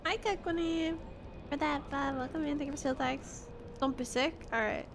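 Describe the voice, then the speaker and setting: A woman's voice: high voice, steady tone, normal speed, noisy background. A woman streamer chatting casually with her viewers about her cat, her voice nasal from a cold, swearing and laughing often. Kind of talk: casual live-stream chat.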